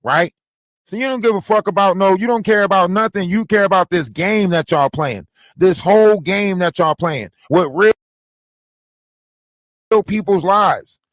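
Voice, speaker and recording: A man co-hosting a livestream, talking in a casual, animated and profane way and repeating phrases for emphasis. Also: high voice, moderate pace, dry recording. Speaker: livestream co-host.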